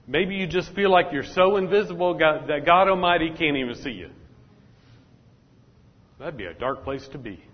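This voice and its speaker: A pastor with a somewhat high, animated voice preaches at a moderate pace with long pauses. Addressing the congregation directly, he repeats his points in call-and-response fashion, and the hall acoustics come across dull and echoey.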